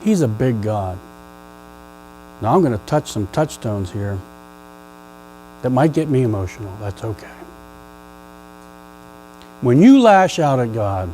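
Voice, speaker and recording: Slow-talking male pastor preaching. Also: medium pitch, big pitch swings, low-quality recording. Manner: conversational, playful, jokes with the congregation; swings from quiet to loud emphatic questions. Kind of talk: sermon. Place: church sanctuary.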